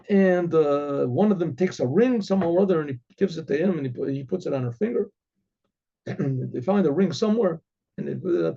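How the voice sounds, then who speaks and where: Man, rabbi, storytelling, rambling, throat clearing, high gravelly voice, mellow tone. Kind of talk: oral storytelling. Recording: dull lo-fi recording.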